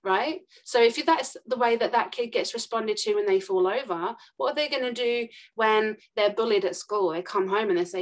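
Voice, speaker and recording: A woman explaining ideas quickly and emphatically as a podcast guest, acting out short examples. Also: mid-range voice. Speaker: podcast guest, trauma expert.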